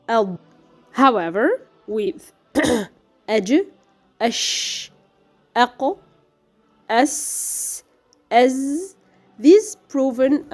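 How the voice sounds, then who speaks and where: A tajweed teacher with a lively, medium-pitched voice slowly explains letter pronunciation in a recorded lesson. She sounds hesitant, sounding out letters with many fillers and restarts.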